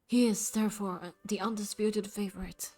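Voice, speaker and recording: Woman voicing a calm, courteous frog host. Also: medium pitch, lightly acted. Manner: soft-spoken, courteous, measured. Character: calm, formal frog host of a jumping contest.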